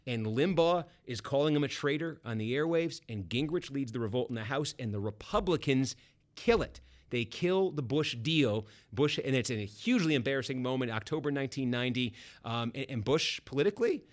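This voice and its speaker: A man's voice: mid-range voice, fairly quick. A man from Boston, a book author and guest, telling detail-packed political stories in a podcast conversation. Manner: animated, detail-packed anecdotes. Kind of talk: fast political storytelling.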